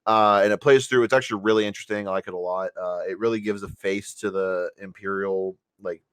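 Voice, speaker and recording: A blunt man chatting on a podcast, his voice somewhat low, smooth and resonant. He is recorded close and dry, with no room sound. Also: fairly even intonation, fast talker, a bit bright, no echo. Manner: blunt, contrarian, many "uh" fillers. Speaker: podcast co-host. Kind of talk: casual chat.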